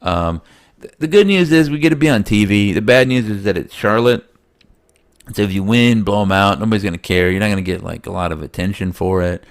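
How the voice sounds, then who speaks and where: Casting note: low gravelly male podcast co-host, a bit nasal, rambling sports talk. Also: a little fast. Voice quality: slightly nasal. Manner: rambling, animated, laughs often. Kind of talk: casual sports chat.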